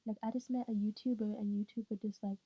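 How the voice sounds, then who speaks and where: A woman's voice: medium pitch, little pitch movement, quick pace, husky, lightly acted. A woman voicing a young woman merch worker who talks in an offhand way. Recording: dull lo-fi sound.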